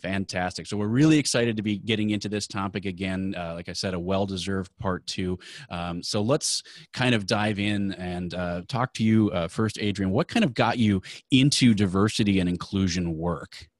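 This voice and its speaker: Man, Minnesota accent, webinar host, upbeat, chatty, somewhat low voice, dead dry room. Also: moderate pace, few pauses, no echo. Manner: chatty, with many "uh" fillers.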